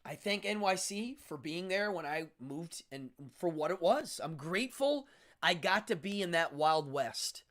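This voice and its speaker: A man's voice: high voice, expressive, unhurried, fairly bright tone. A middle-aged man hosting a casual livestream, chatting and rambling to viewers and reading their comments aloud. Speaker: livestream host.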